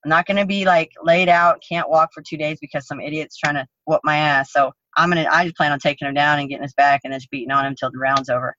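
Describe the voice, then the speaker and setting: Woman, blunt and profane, animated storytelling, bright voice, dry muffled lo-fi sound. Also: low voice, quick pace, hardly any pauses, a little hiss or hum. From United States. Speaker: interview guest, MMA fighter. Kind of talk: casual storytelling interview.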